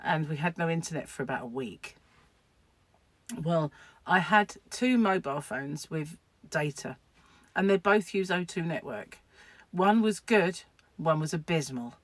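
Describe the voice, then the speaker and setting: A woman talks to camera from her home in a loose, rambling way and laughs often at her own asides. Her voice rises and falls a lot. The sound is dry and close, with almost no room echo. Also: fairly low pitch. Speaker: crochet vlogger. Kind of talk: casual chat to camera.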